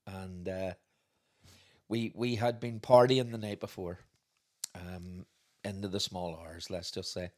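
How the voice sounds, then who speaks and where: A middle-aged man, co-hosting a podcast and telling stories in a lively way, laughing often. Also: low-pitched, slow. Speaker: podcast co-host, father. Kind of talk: casual storytelling chat.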